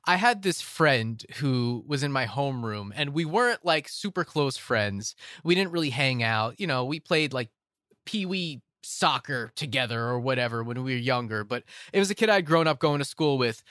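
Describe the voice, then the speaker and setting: A man's voice: mid-range voice, expressive, moderate pace, sharp tone, no echo, studio quality. A young man hosting a casual movie podcast, rambling and laughing often as he talks. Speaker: podcast host.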